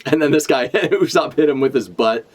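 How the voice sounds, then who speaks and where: A man's voice: on the high side, lively intonation, normal speed, husky. A man giving live reaction commentary as a streamer, ranting and swearing in exasperation.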